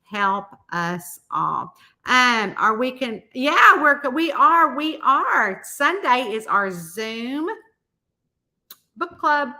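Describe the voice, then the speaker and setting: A middle-aged woman talks to her viewers in a loose, folksy live-stream chat, drifting from story to story. Her voice is bright and forward, pitched a little high for a woman, and she calls everyone y'all. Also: expressive, slow pace. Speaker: mystery author hosting a live chat. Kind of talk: casual live-stream chat reading comments.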